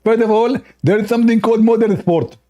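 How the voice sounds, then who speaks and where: Guy doing a high, shrill, condescending debater, warm soft tone, preachy. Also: quick pace, lightly acted. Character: smug mocking male Muslim debater.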